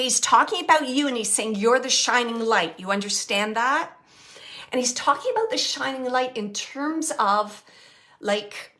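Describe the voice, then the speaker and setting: During a live reading for an audience member, a woman medium talks in a high voice. Her speech is halting and searching, broken by soft whispered asides.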